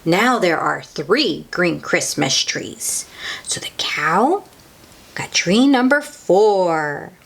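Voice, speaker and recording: Gentle, breathy woman reading a picture book. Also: on the low side, very slow. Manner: gentle, animated, exclaiming to young listeners. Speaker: children's book reader. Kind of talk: read-aloud storytime.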